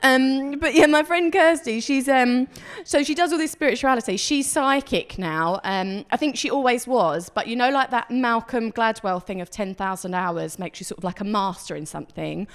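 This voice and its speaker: A woman's voice: fairly high pitch, moderate pace, hardly any pauses. A woman performing a stand-up comedy set on a club stage, chatty and self-deprecating, acting out the voices of people she quotes. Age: 30s.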